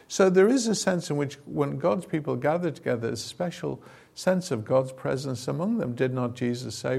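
A man with a gravelly edge to his voice, preaching in a relaxed, chatty way. He wanders into asides, uses fillers, and calls on the audience to read verses aloud. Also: medium pitch. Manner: conversational, digressive, with fillers and asides. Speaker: preacher leading a Bible teaching session. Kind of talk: informal sermon with audience participation.

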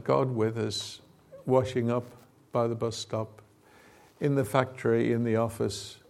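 A man with a gravelly edge to his voice, preaching in a relaxed, chatty way. He wanders into asides, uses fillers, and calls on the audience to read verses aloud. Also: mid-range voice. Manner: conversational, digressive, with fillers and asides. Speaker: preacher leading a Bible teaching session. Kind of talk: informal sermon with audience participation.

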